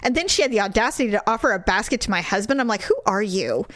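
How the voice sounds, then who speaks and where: A woman podcast host with a fairly high voice that swoops up and down as she retells a story with indignant energy. Her talk is casual, and the studio sound is close and dry, with no room around it. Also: rapid-fire, no echo. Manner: animated, indignant venting with vivid retelling.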